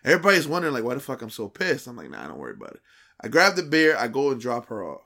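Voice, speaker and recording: Male podcast co-host at mid pitch, casual and animated, voices each character in his stories with plenty of slang. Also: rapid-fire. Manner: animated, acts out quoted dialogue; profane, slangy street talk.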